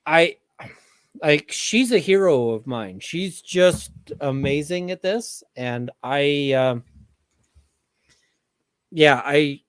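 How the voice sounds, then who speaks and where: Casual co-host guy, kinda high pitched, hesitant, dry mic. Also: animated, smooth, no echo. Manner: halting, soft-spoken, many fillers. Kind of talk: casual livestream chat.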